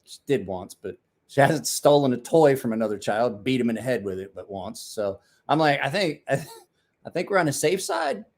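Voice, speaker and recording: A man's voice: mid-range voice, very animated, moderate pace, darkish tone. A man hosting a casual livestream, telling rambling, profane stories, laughing often and answering viewers' comments. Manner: talks back to viewers' comments. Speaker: livestream host. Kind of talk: casual live-stream chat.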